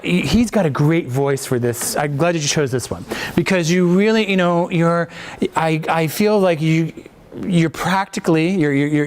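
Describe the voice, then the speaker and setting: A man teaching a voice-over class, coaching students with halting, encouraging talk and many restarts. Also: fairly high pitch. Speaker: voice-over workshop instructor.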